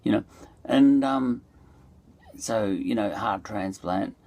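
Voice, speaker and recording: A man's voice: lowish voice, slow pace, creaky, dark tone, dry recording. A middle-aged Australian man musing aloud in a loose, digressive monologue, full of fillers and restarts. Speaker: podcast host. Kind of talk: rambling reflective monologue.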